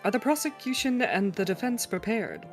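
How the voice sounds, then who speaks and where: A woman voicing a pompous old male judge in a slow, formal voice while reading game lines. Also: mid-range voice, very animated, faint music behind. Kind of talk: reading game dialogue on a livestream.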